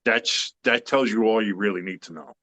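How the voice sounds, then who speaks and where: A man's voice: fairly low pitch, moderate pace, sharp tone. Opinionated male sports podcast host. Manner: opinionated, emphatic, rambling with fillers. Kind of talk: casual sports talk.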